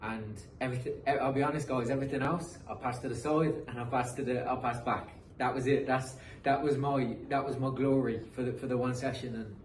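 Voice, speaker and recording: A professional footballer in his thirties, guesting on a casual podcast, talks about his playing career fairly quickly with hardly any pauses, his medium-pitched voice fairly even. His British accent has picked up some American sounds, and he rambles and repeats himself with many ums and uhs. The mic is distant and set back in an echoey room with faint noise.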